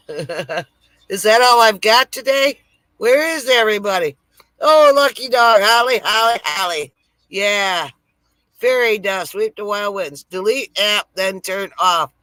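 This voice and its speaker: A woman's voice: mid-range voice, slow pace, a bit bright, no room sound, low-quality recording. A woman hosting a casual live stream, chatting with viewers, reading their comments aloud and laughing at her own jokes. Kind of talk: casual live stream chat and joke telling. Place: home setup near a lake.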